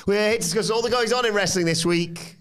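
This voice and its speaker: A man with a British accent hosting a casual wrestling podcast, joking and rattling quickly through the show's plugs. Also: high-pitched, fairly bright tone. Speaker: podcast host.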